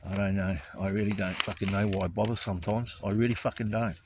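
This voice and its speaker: A man's voice: fairly low pitch, steady tone, fast, a little mellow, a little hiss or hum. Profane, ranting man. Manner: angry, profane, righteous indignation. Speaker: vlogger. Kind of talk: ranting monologue to camera.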